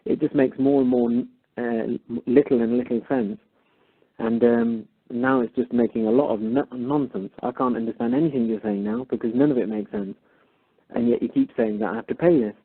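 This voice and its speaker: A man calls in and tells the story of a phone call, acting out both sides as he goes. His voice is husky, and it comes through a thin, tinny phone line. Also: medium pitch, lively intonation, normal speed. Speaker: caller. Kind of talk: casual storytelling.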